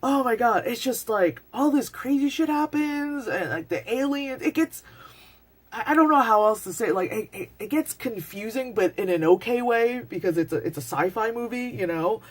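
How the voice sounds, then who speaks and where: A woman records a casual movie review on her phone, rambling through fillers and tossing in swear words. She gets excitable and acts out scenes in little voices as she talks. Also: fairly high pitch, normal speed.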